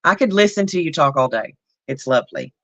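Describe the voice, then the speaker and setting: A woman with a Southern US accent chatting on a livestream, effusive and expressive, laughing often. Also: deep voice, brisk, no echo. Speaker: livestream guest. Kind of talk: casual livestream chat.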